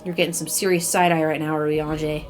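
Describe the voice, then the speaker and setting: A woman streamer giving casual game commentary in an animated, exclaiming way. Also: low-pitched, normal speed, soft background music.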